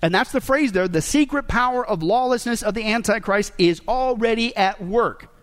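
A man's voice: sits high, moderate pace. A man preaching a sermon to a congregation, emphatic and punchy, throwing rhetorical questions at the room and slipping in joking asides. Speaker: pastor.

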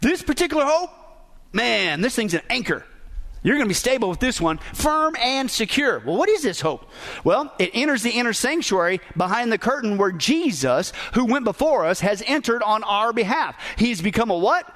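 Emphatic high-voiced male pastor. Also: sing-song, normal speed, fairly bright tone. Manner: emphatic, rhetorical questions to the congregation. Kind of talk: sermon.

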